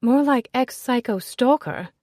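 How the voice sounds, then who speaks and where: A woman voicing a brash, cheeky aristocratic lady who teases loudly and bluntly. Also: a little high, lively intonation, a little slow, dry recording, studio quality, pitched above the performer's own voice. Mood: scornful. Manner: bold, cheeky, exclamatory. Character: brash, bawdy aristocratic lady, teasing and loud.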